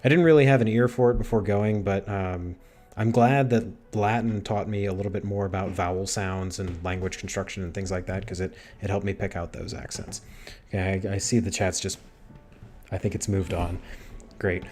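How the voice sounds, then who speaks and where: A man's voice: low-pitched, steady tone, normal speed, darkish tone, soft background music. A man hosting a livestream interview, chatty and self-deprecating with playful asides. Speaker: livestream host. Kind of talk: casual interview chat.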